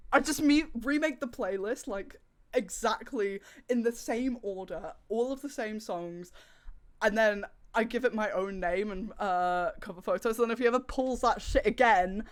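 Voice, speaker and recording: A young woman livestreamer chatting casually to her viewers, telling stories with animated sarcasm. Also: mid-range voice, moderate pace. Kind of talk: casual stream chat.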